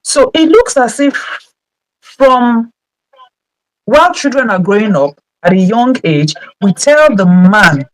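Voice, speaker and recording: A woman hosting a talk show, setting up questions in a thoughtful, halting way. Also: mid-range voice, very animated, poor audio. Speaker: host.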